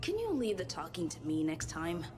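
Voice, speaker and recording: An actress playing a composed young woman in a game who talks calmly and firmly, with the odd sigh. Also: on the low side, moderate pace. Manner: calm, sighing, firm. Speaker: game character. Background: game music.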